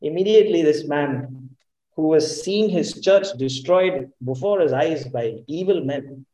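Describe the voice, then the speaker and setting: A man's voice: fairly high pitch, warm tone, roomy sound, rough recording. A man preaching a sermon in an earnest, emphatic way, often putting questions to the congregation.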